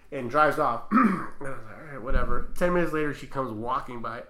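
Brief: male podcast host, casual storyteller, bright and a bit high, roomy sound. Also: fairly quick, few pauses. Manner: animated, swearing, acts out quotes.

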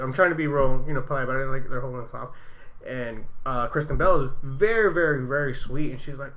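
A man's voice: medium pitch, a little fast, sharp tone. A man who works event security, chatting casually and telling stories, laughing often and acting out what people said. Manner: laughing storyteller, acts out quotes with swearing. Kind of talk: casual chat.

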